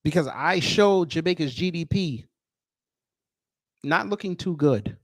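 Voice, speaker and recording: A man's voice: on the high side, expressive, unhurried, dry recording, studio quality. Combative man ranting. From United States. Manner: combative, sarcastic, taunting, swearing. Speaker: commentary host. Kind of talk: heated commentary rant.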